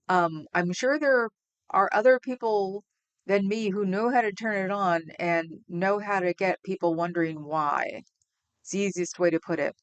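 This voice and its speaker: A woman's voice: medium pitch, moderate pace, smooth. A woman in her fifties hosting a livestream at home, chatting in a rambling, casual way and laughing often. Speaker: livestream host.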